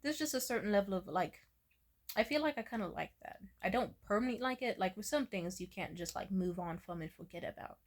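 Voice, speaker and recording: A woman's voice: medium pitch, animated, brisk. A young woman telling personal stories in a casual confessional vlog, candid and rambling, swearing freely and filling her talk with "like". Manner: candid, rambling, profane, full of "like". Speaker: vlogger.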